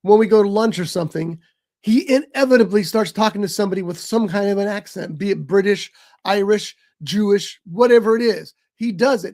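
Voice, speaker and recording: A man's voice: high voice, animated, normal speed, darkish tone. A man co-hosting a casual movie chat on a live stream, chatty and given to exasperated teasing. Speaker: co-host. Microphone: streaming mic.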